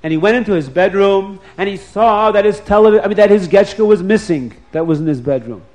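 A man's voice: sits high, fairly quick, a little mellow. A man narrating a story to children, speaking expressively and addressing them directly.

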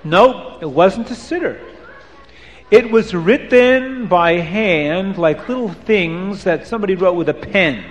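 High-pitched man telling a moral story. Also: takes it slowly, long reverb tail. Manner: hushes listeners, swings between soft and emphatic.

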